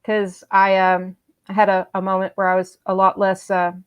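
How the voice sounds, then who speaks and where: A woman in casual fan chat who tells stories in an animated way and acts out the people she quotes. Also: medium pitch, moderate pace, smooth. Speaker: live chat co-host.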